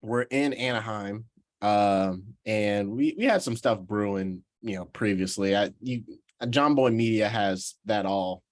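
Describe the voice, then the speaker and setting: A man in his twenties from Georgia in the US, a professional baseball player telling an animated story in a casual interview, laughing and restarting his sentences. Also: on the low side, unhurried. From Georgia, USA. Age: 20s.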